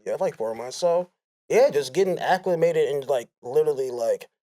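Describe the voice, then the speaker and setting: A man from Cincinnati talks on a casual podcast, and his voice has a dark, mellow tone. He wanders through his story, leaning on fillers and restarting his thoughts. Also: a little high, expressive, moderate pace. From Cincinnati, USA. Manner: rambling, filler-heavy storytelling. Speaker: podcast co-host.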